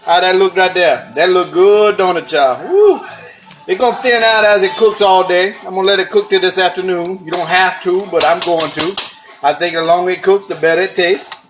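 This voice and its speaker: A man's voice: sits high, steady tone, fairly quick, fairly bright tone, faint music behind, rough recording. A man hosting a casual cooking demonstration, exuberant and folksy with whooping exclamations. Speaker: cooking show host.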